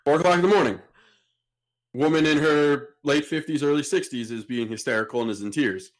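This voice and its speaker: A man's voice: a little high, fairly quick. A man hosting a podcast, telling a story in a casual way and acting out the people in it. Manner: animated, acts out the people in his story. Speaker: podcast host.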